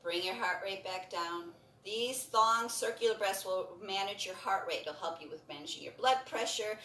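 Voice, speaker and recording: A woman leading a breathing and stretching class, giving calm, encouraging cues and repeating them often. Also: mid-range voice, moderate pace, recorded from a distance, slight background noise. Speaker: breathing and movement instructor. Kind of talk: guided exercise instruction. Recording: roomy sound from off the mic.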